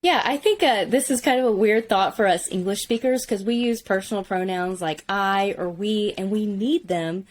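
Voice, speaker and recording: A woman's voice: medium pitch, moderate pace, hardly any pauses. A woman, patiently explaining Hebrew grammar as co-host of a lesson.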